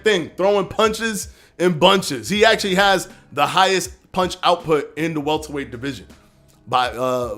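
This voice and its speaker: A man hosting a live stream, arguing his points and answering chat comments in a casual, animated way. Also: fairly high pitch. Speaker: livestream host reading chat.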